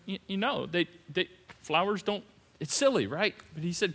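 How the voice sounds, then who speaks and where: A man preaching a sermon as pastor, swinging between loud emphatic repetition and hushed asides. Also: high voice, expressive, moderate pace. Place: large church hall. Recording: long reverb of a big hall.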